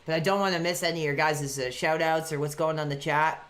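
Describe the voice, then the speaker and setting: A woman chatting casually on a live stream, reading out messages from viewers and reacting excitedly to a wrestling match from a dark room at home. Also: low voice, fast talker, slight background noise. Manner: chatty, reads out chat messages between excited play-by-play reactions.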